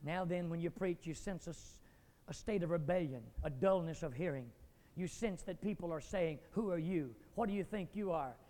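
An older man preaching a fiery revival sermon, swinging from quiet scripture reading to loud shouting. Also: on the high side, moderate pace. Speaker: pastor. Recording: echoey hall.

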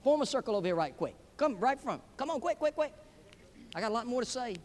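A man preaching a sermon to a live audience, swinging between loud emphatic peaks and hushed drops. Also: very high voice, sing-song, quick pace. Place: large hall with a live audience. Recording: long hall reverb.

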